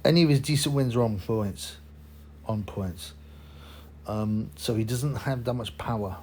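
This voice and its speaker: A man's voice: mid-range voice, unhurried, darkish tone, a little hiss or hum. A man, hosting his own boxing channel in a rambling, opinionated casual monologue full of fillers and restarts.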